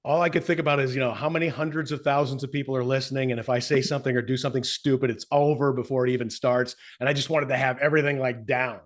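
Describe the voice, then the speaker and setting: A middle-aged man, a podcast co-host and former radio host, chatting casually and telling stories with animation. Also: medium pitch. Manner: animated storyteller, quick to slip into voices. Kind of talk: casual chat.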